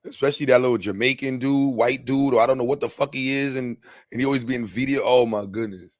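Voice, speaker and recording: A man's voice: medium pitch, fairly even intonation, fast. A man hosting a livestream, talking in a loose, rambling, slangy way with frequent laughs. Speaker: livestream host. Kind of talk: casual livestream chat.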